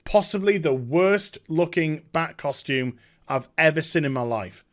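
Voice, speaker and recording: Man, sarcastic recap, mimics characters, lively up-and-down voice, fairly high. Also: unhurried, over loud music. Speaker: video reviewer. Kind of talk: comedic recap.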